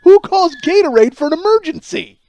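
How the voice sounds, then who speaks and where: A man's voice: extremely high pitch, animated, fairly quick, warm tone. A man in his forties hosting a solo comedy podcast, ranting in disbelief and rambling through a story with plenty of profanity. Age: 40s. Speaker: podcast host.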